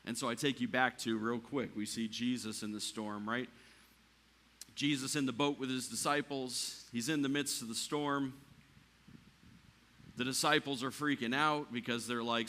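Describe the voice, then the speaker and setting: Bright-voiced man preaching a sermon. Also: medium pitch, moderate pace. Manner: rises to near shouting at peaks, drops quiet for calm lines. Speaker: pastor. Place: church.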